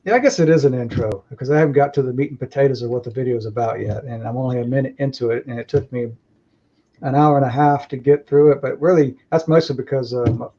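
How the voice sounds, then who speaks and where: A man's voice: medium pitch, fairly even intonation, quick pace, highs cut off. A man talking over a call as a guest on a livestream, in a rambling, reflective way full of "you know.". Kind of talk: casual conversation.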